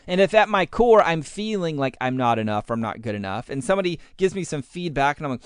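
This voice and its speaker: Brief: male podcast host, smooth resonant voice, dry close sound, animated, acts out his thoughts mid-sentence. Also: a little high, fast, few pauses, dry recording. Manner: animated, acts out his own inner voice in quotes; uses many fillers like "like". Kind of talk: casual podcast talk.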